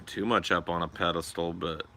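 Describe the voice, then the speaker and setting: A man's voice: sits low, fairly even intonation, moderate pace, pushed and bright. A young man hosting a livestream, chatting casually in a crude, profane and joking way. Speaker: livestream host.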